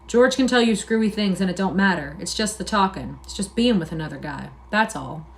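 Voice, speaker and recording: Reading aloud in an animated, lightly acted way, a woman with a medium-pitched voice takes on the role of a lonely, scornful older stable hand. She gives him a drawling, persuasive delivery with slow musing and a brooding mood.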